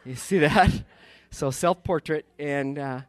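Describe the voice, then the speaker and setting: With a slightly high voice and a slow pace, this man is a pastor in his fifties chatting informally from the pulpit. The recording is dry, and his talk wanders cheerfully, full of restarted sentences and laughs.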